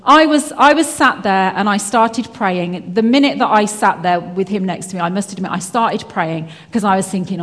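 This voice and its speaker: Woman speaker, chatty testimony, fillers and restarts, mid pitch, long hall reverb. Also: animated, moderate pace, hardly any pauses, a bit bright. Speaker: Christian speaker. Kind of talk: personal faith testimony.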